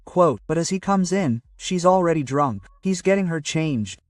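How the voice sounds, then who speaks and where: A man's voice: on the high side, expressive, normal speed, no room sound, clean studio sound, far from the mic. Man narrating a story recap, rambling. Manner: rambling, with filler words.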